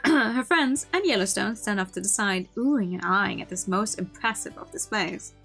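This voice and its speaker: A woman's voice: medium pitch, moderate pace, gravelly, soft background music. Woman narrating a game on stream. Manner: expressive narration with laughs and asides. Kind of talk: reading a visual novel aloud on stream.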